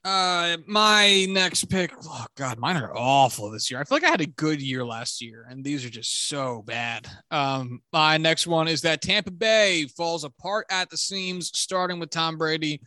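A man's voice: on the high side, normal speed, few pauses, bright, forceful tone, dry recording, clean studio sound. A man co-hosting a casual sports podcast, chatty and self-deprecating, with joking trash talk. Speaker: podcast co-host.

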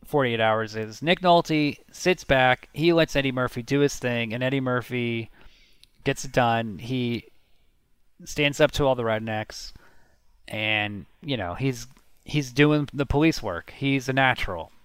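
A man's voice: medium pitch, unhurried, a bit bright, clean tone, dry recording. A man co-hosting a casual movie podcast, opinionated and blunt, swearing freely as he picks apart scenes. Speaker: podcast co-host. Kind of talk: casual movie-commentary chat.

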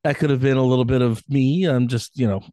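A man's voice: medium pitch, steady tone, quick pace, warm tone, dry recording, studio quality. A man co-hosting a podcast, chatting casually and joking, often acting out silly voices. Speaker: podcast co-host. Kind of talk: casual chat.

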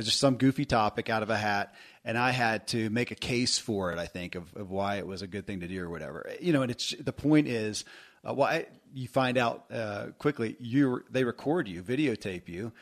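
A man with a slightly low voice hosts a podcast in an easygoing chat. He tells stories with animated energy and pokes fun at himself, laughing at his own slips. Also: a little fast. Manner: animated storytelling with self-deprecating laughs. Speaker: podcast host.

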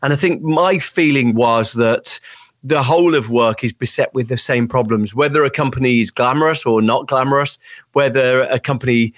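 A man's voice: mid-range voice, moderate pace, dry recording. Middle-aged male guest, Birmingham accent, articulate, dry close sound. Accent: Birmingham English. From Birmingham, England. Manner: articulate, with small restarts. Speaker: author and guest. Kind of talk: conversational interview.

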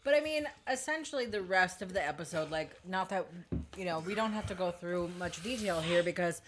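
A podcast co-host speaking at a mid pitch in a dry, matter-of-fact tone while summing up a sitcom plot. A clear, steady hiss runs under the voice throughout. The delivery is plain and unhurried. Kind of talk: casual chat recapping a sitcom episode. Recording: background hiss.

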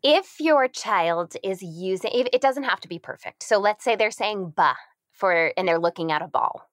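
A woman in her thirties giving parenting advice in a casual chat, acting out simple baby talk with big leaps in pitch. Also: animated, normal speed, no echo.

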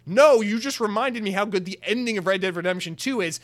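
A man's voice: high-pitched, fairly quick, voice pushed up, natural voice. A man voicing an alarmed male driver stuck in traffic who fusses with concern.

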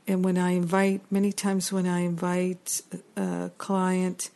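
Woman, middle-aged, spiritual teacher, earnest and reflective, unhurried delivery. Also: fairly low pitch, monotone, gravelly, warm tone. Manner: earnest, reflective, builds long lists.

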